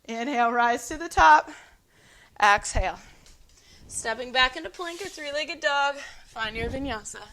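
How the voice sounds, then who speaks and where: A woman yoga instructor calmly cueing breaths and poses in a guided flow at home. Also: high voice, measured pace, pauses often. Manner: calm, encouraging breath cueing. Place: home, dogs nearby.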